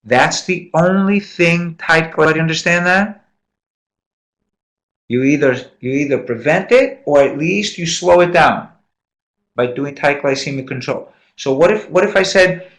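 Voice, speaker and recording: A slightly high-voiced man teaches a medical class in a classroom. He quizzes the students, drills key points by repeating them and cheers on right answers with lively energy. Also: measured pace. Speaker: medical lecturer. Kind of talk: interactive classroom lecture.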